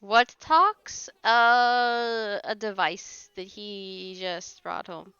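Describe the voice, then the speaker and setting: A woman's voice: medium pitch, drawn-out words, bright, forceful tone, clean tone, dry recording, dull audio. A woman hosting a casual livestream, chatting with viewers and teasing them playfully, laughing often. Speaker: livestream host.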